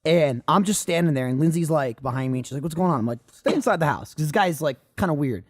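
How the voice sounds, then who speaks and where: Fast-talking young man telling a story. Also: on the high side. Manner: fast, animated storytelling with lots of swearing and acted-out quotes. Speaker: podcast host telling a story. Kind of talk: casual storytelling chat.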